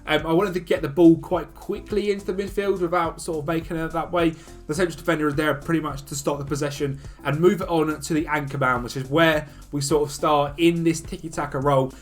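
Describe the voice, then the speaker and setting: A man's voice: fairly high pitch, steady tone. Upbeat chatty man, faint music behind. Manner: chatty, upbeat, talks fast through stats. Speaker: video host. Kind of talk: casual gameplay commentary.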